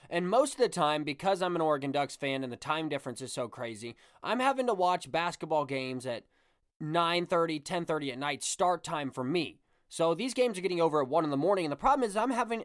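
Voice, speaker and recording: A man hosting his own podcast, ranting in a casual, exasperated and animated way. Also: a little high, dry recording, clean studio sound. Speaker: podcast host.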